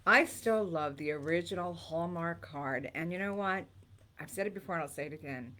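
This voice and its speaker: A woman's voice: on the low side, moderate pace, pushed and bright, a little hiss or hum. A woman co-hosting a casual talk show, chatty and sentimental. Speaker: co-host.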